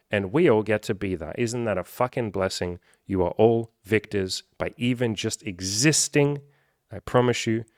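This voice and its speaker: A man coaching viewers in a casual, animated vlog, swearing freely and acting out the people he quotes. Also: lowish voice, no room sound, studio quality. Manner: profane, animated, acts out quoted voices. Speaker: self-improvement coach. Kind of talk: casual direct-to-camera vlog.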